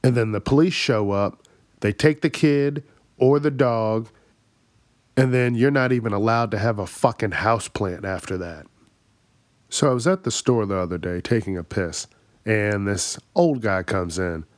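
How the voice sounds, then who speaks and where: A man's voice: on the low side, normal speed, dry recording. A man hosting his own comedy podcast, ranting in exasperated, profane bursts and laughing at his own jokes. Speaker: podcast host. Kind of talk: solo comedic rant.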